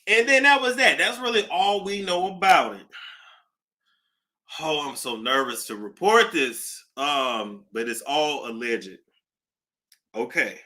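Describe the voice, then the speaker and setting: A woman hosting a casual celebrity gossip talk, animated, with nervous laughter and dramatic gasps. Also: low-pitched, slow, long pauses.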